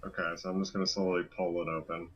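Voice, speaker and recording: A man's voice: deep voice, little pitch movement, fast, a bit bright, highs cut off. A man playing a tabletop game with friends, chatting in a playful, joking way. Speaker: player. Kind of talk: casual tabletop game chat.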